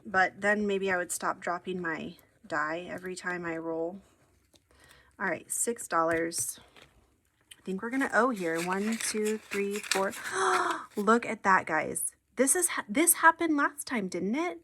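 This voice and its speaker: A woman talks at an unhurried pace, counting bills out loud in a chatty, upbeat way. A faint hiss of background noise sits under her voice. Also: medium pitch. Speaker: savings challenge creator. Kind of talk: casual chat while counting cash.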